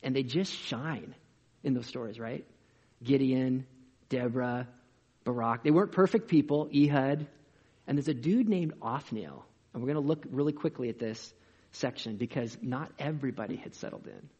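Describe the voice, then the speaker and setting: A male pastor delivers a sermon with a husky voice at a middle pitch. He talks in an energetic, conversational way, full of rhetorical questions. The recording is dull and lo-fi. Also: moderate pace.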